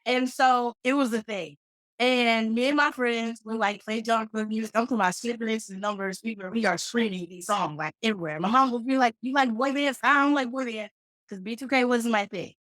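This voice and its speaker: A woman in her thirties from Dallas, a comedian guest telling a story in a casual, animated interview over a call. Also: fairly high pitch, fairly quick, dry recording, rough recording. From Dallas, Texas. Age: 30s. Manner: joking, animated storyteller with playful asides. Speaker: guest, comedian and flight attendant. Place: remote call.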